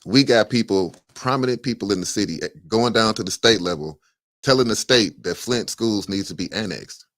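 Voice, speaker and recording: A man's voice: on the low side, normal speed, fairly bright tone, no echo, clean studio sound. A man co-hosting a casual community podcast, speaking emphatically and indignantly. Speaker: podcast co-host.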